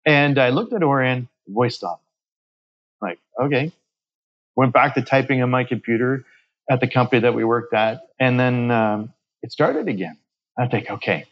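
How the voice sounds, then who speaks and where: A man's voice: mid-range voice, moderate pace. Guy telling a story on a podcast, acts out the people he quotes, lots of restarts, kinda muffled audio. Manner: acts out quoted dialogue while retelling a story; frequent restarts and repeated words. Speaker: guest medium.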